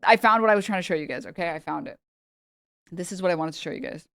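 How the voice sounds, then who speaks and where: A lowish-voiced woman from the United States talks to her stream in a loose, chatty way. She is blunt and swears freely as she reacts to videos. The sound is close and dry, with no room around it. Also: fast talker, creaky, a bit bright, clean tone, no echo. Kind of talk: casual reaction stream chat.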